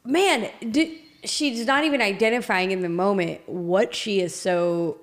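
A woman co-hosting a casual faith podcast, chiming in often with quick agreement. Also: medium pitch. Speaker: podcast co-host.

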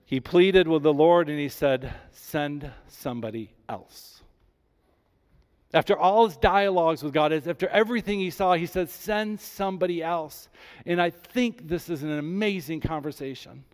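A man preaching a sermon, rising with emphasis and dropping low and soft when he voices God's words. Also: moderate pace, clear, resonant tone. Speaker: pastor.

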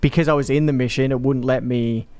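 A man's voice: mid-range voice, fairly even intonation, fast, darkish tone, clear, resonant tone, dry recording. A man casually telling stories about a video game, laid-back and laughing along.

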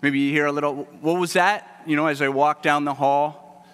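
A man's voice: fairly high pitch, completely flat delivery, a little fast, a bit bright, smooth, in a large hall. A man preaching a sermon as pastor, earnest and conversational, often repeating words as he goes.

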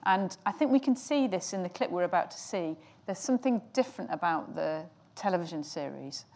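A woman's voice: fairly low pitch, expressive, brisk, a little mellow. A woman hosting an interview, asking the guest engaged, probing questions. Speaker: interview host.

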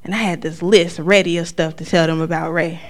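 A middle-aged woman giving a church testimony in a casual, conversational way, acting out quotes with sudden high outbursts. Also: steady tone, brisk. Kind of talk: testimony talk.

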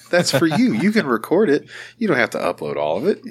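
A man's voice: on the high side, huge pitch swings, moderate pace, slightly rough. A man co-hosting a podcast, talking in crude, casual banter, swearing freely and mocking others. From Arkansas, United States. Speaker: podcast co-host.

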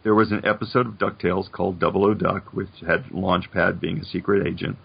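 A man's voice: low voice, little pitch movement, a little fast. A man in his seventies, a guest in an interview, telling stories in a reflective, rambling way with many "you know"s. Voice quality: gravelly and husky. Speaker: guest, animation producer. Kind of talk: casual interview chat. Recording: dull lo-fi recording.

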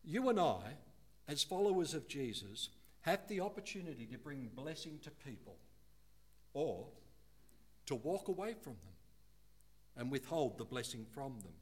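A male pastor preaching a sermon in church. He speaks earnestly, slowing down to stress key words and growing animated when he acts out how people talk. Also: medium pitch, breathy edge. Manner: earnest, animated when quoting, slows for emphasis.

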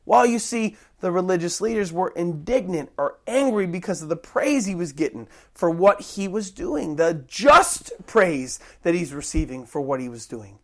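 A preacher giving a sermon, emphatic, slowing down to stress key phrases. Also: medium pitch, expressive. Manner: emphatic, shifting pace with slow stressed phrases.

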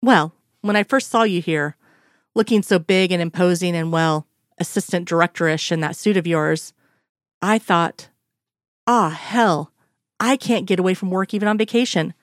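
Woman reading playful young female agent, lively, dry close sound. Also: on the low side, moderate pace, no echo, close to an everyday voice.

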